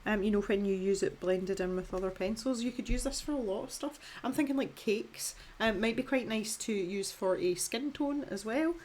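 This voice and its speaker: She speaks at medium pitch and a moderate pace with hardly any pauses, her tone darkish, over a little hiss or hum. A Scottish woman in her thirties, she chats self-deprecatingly through a colouring tutorial, using fillers and restarts.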